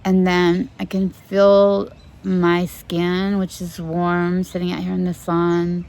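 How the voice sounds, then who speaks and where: A middle-aged woman therapist giving calm instructions, gently demonstrating slow breathing, recorded outdoors in the sun with birds singing in the background. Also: fairly low pitch.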